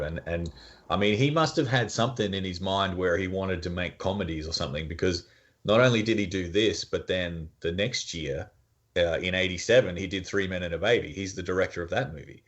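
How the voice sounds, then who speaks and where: Casting: very low-voiced man, chatty podcast co-host, rambling, muffled lo-fi sound. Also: a little fast, fairly bright tone. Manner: rambling, many fillers, quotes characters in voices. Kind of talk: casual chat about films.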